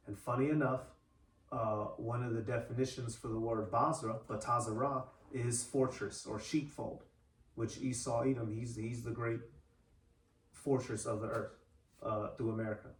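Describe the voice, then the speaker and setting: A man's voice: medium pitch, steady tone, normal speed. A man co-hosting a casual religious discussion, talking bluntly and emphatically, swearing freely. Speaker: co-host. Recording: echoey room, distant mic, faint noise.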